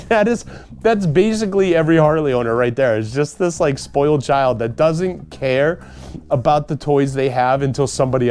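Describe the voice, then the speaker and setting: A man ranting sarcastically in a casual motorcycle vlog, animated and laughing as he mocks other riders. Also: medium pitch, slight background noise. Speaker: motorcycle vlogger.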